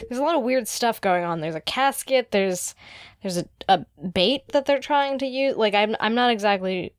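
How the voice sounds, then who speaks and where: A woman's voice: mid-range voice, normal speed, no room sound, studio quality. A young woman co-hosting a podcast, chatting casually about a book and hedging with many fillers. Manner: hesitant, many filler likes. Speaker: podcast co-host. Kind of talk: casual book discussion chat.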